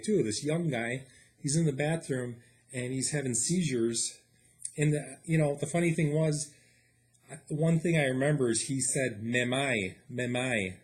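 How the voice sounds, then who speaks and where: A man vlogging a personal story in a casual, animated way, acting out his own quotes and laughing often. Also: mid-range voice.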